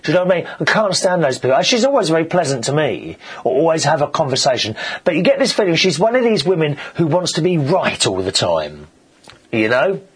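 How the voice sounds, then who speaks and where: A man hosting a show, telling gossipy stories in a casual, animated monologue. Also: a little high, brisk, husky. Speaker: show host.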